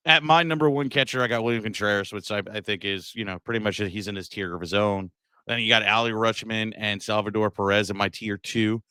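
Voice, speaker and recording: A man's voice: lowish voice, fairly even intonation, brisk, bright, forceful tone, smooth, no room sound, studio quality. A man co-hosting a sports podcast in loose, joking casual chat with plenty of fillers. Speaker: podcast co-host.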